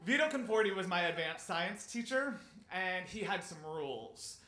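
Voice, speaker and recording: A man shares a personal story in a loose, conversational way, full of fillers and small laughs. His voice sits a touch high and has a bright, forward tone. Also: animated, normal speed.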